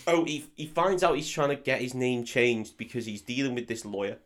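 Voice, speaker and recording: A man casually recapping a film plot, sweary and animated, laughing often. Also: mid-range voice, a little fast. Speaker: podcast co-host recapping a film. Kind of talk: casual chat.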